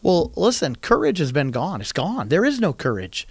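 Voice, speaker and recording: Lively, animated male preacher. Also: a little high, normal speed, slightly rough, dry recording. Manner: animated storytelling, acting out quoted lines in a raised voice. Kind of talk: sermon.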